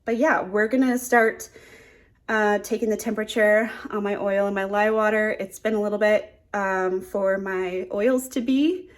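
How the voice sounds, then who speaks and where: A woman's voice: medium pitch, steady tone, moderate pace. Chatty woman soap-making vlogger. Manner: chatty, rambling with many fillers and restarts. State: a bit out of breath. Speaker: small business owner making soap. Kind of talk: casual how-to vlog.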